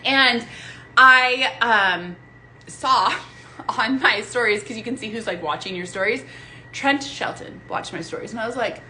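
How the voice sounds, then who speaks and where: A woman's voice: a little high, a little slow, sharp tone, a little hiss or hum, poor audio. A young woman talking casually to her viewers on a live phone stream at home, chatty and rambling, with lots of fillers and restarts. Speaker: vlogger. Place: home room lit by a ring light.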